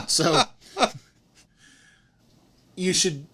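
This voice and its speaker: A middle-aged man speaks in a mid-range voice at normal speed while hosting a podcast. Telling a story in casual chat, he brings it to life by performing the characters' quotes.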